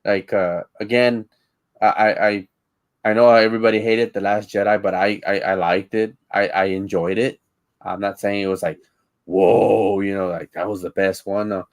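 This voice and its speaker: A man's voice: lowish voice, level tone, moderate pace, no echo. A man co-hosting a casual live-streamed chat, rambling, restarting his sentences and laughing easily. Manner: rambling, repeats words when starting sentences, laughs easily. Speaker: co-host of a live-streamed podcast.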